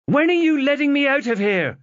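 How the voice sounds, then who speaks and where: A man voicing a furious teenage girl in an audiobook, shouting and sobbing hysterically. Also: on the high side, measured pace, no echo, lo-fi sound, voice pushed up.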